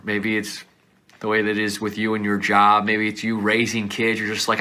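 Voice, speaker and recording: Male pastor giving a sermon, lowish voice, bright and forceful, drops to whispers sometimes. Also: completely flat delivery, moderate pace. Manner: earnest, dramatic shifts between loud pleading and soft whispers.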